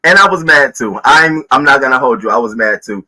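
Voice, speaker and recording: A man's voice: medium pitch, animated, fairly quick, bright, forceful tone, low-quality recording. A man hosting a casual livestream news commentary, chatting loosely, greeting viewers by name and often repeating himself. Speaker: host of a live news commentary stream.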